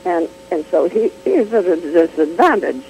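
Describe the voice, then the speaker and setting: An older woman chatting as an interview guest, telling an animated anecdote full of restarts, laughs and acted-out quotes. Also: on the low side, moderate pace, slight background noise, poor audio. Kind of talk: casual chat, telling an anecdote.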